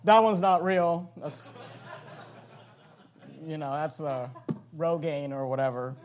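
A male preacher with a high voice delivers an evening sermon. He reads scripture aloud and poses questions to his listeners, then answers them. His delivery swings between loud emphatic bursts and quieter asides. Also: takes it slowly, long pauses.

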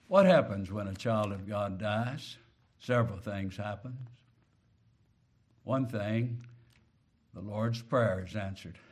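This is a sermon from a male preacher who speaks slowly and carefully, alternating hushed low lines with loud stress on key words.

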